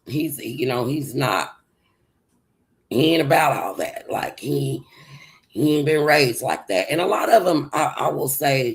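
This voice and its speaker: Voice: mid-range voice, low-quality recording. A livestream host telling a personal story, rambling and circling back with many restarts.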